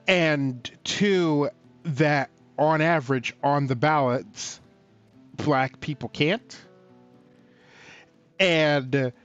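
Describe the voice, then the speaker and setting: A man co-hosting a casual livestream talk show, speaking slowly and haltingly with many fillers and restarts. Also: mid-range voice, lo-fi sound.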